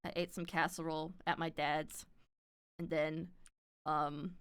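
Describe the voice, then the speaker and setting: Woman streamer, standard North American accent, slight lisp, rambling casual chat full of fillers and offhand swearing, crisp tone. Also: deep voice, flat delivery, measured pace. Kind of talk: casual chat with live viewers.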